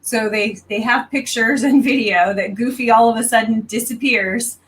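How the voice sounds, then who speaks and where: A woman co-hosting a casual livestream, laid-back and quick to laugh. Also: fairly high pitch. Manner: laid-back, laughs easily, says she is not much of a talker. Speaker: co-host. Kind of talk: casual live chat.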